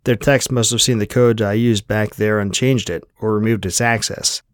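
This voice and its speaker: A man's voice: fairly low pitch, fairly even intonation, moderate pace, no echo, studio quality, lightly acted. A man reading the part of a tough, determined woman agent who talks in a clipped, no-nonsense way. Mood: brisk.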